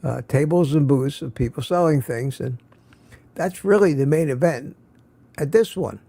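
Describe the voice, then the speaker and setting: A tired older man hosting a live stream, chatting casually and haltingly with lots of restarts. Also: a little high, vocal fry, warm tone. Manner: halting, many restarts and fillers.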